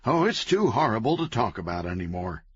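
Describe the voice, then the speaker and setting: A man's voice: lowish voice, sing-song, a bit bright, husky, exaggerated voice. A man voicing a manic, chatty, cheerful antihero man who talks gleefully and wheedles. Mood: persuasive. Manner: gleeful, fast-talking, wheedling. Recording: dull, lo-fi, dry.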